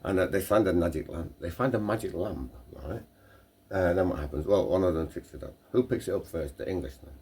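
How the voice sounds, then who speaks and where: A man's voice: sits low, brisk, warm tone, slightly rough. A man hosting a podcast, telling a rambling joke in casual banter with playful interruptions. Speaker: podcast host.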